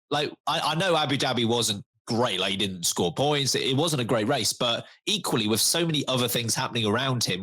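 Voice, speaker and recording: A young man, a podcast co-host in casual chat, talking in an animated way. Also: medium pitch, breathy edge. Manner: animated, laughs, puts on quoted voices.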